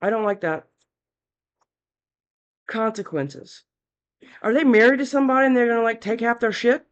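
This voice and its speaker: A woman's voice: on the high side, moderate pace, clear, resonant tone, highs cut off. Blunt, chatty woman reading tarot. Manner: blunt and chatty, curses freely, scolding. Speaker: tarot reader.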